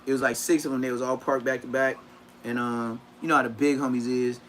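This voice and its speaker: Fairly quick and mid-range, this voice belongs to a man in his 30s telling profane, animated stories on a casual livestream. He acts out what people said in a raised voice over slight background noise.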